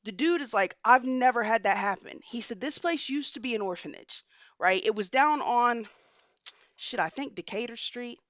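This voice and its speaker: Bright, lively woman telling a story. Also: fairly high pitch, normal speed, no echo, lo-fi sound. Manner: animated, profane storytelling with slang. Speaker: podcast host. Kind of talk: casual storytelling chat.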